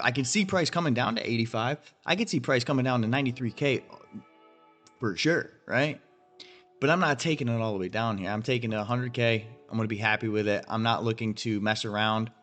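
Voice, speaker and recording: A blunt man runs through his trading charts in a brash, swearing rant and keeps addressing the viewers directly. His voice sits at an ordinary middle pitch. Soft music plays faintly behind him. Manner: blunt, profane, emphatic, talks straight to viewers. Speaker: crypto trading channel host. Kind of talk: ranting chart analysis.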